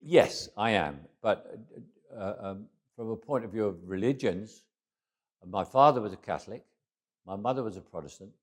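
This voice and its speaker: A man's voice: on the low side, moderate pace. An older man with a London accent telling wry anecdotes in an interview, often restarting phrases and acting out quoted lines. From England. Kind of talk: casual interview storytelling.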